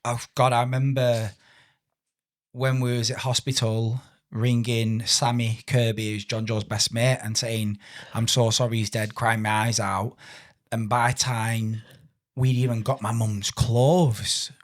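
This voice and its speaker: A man's voice: mid-range voice, level tone, a little slow. A man hosting a podcast, talking in a chatty, rambling way and stumbling over his words. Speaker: podcast host. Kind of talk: casual podcast conversation.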